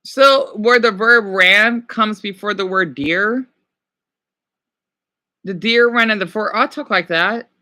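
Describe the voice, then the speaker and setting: A man streams casually, reading quiz questions aloud, reacting with exclamations and talking back to his chat. His voice is high-pitched and sharp, and he speaks slowly with long pauses.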